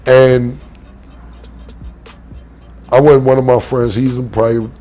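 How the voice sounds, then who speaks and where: New guy, animated storyteller in a casual interview, faint music under him. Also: a little slow. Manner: animated storyteller, acts out quotes with big pitch jumps. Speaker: rapper being interviewed.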